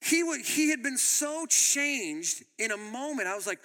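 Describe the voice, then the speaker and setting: A man preaching a sermon as a pastor, an animated storyteller who laughs as he tells his stories. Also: high voice, moderate pace, long reverb tail.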